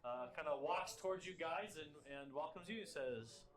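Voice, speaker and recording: Male dungeon master, rambling narration, slightly high voice, crowd noise behind. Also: moderate pace. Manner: rambling, many fillers. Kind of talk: narrating a tabletop game.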